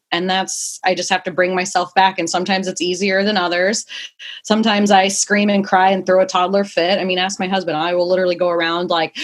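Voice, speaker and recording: A woman's voice: mid-range voice, flat delivery. Rambling young mother on a podcast. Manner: fast, rambling, emphatic. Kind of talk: casual interview chat.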